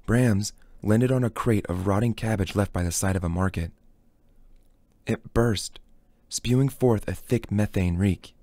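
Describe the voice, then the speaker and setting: A man reading a novel aloud as a steady, dramatic storybook narration. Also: lowish voice, measured pace, no room sound. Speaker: audiobook reader.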